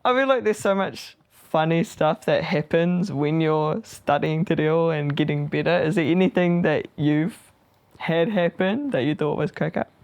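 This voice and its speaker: A woman's voice: deep voice, moderate pace, a little mellow. A woman with a New Zealand accent co-hosting a casual podcast chat, laughing and encouraging as she talks. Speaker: co-host.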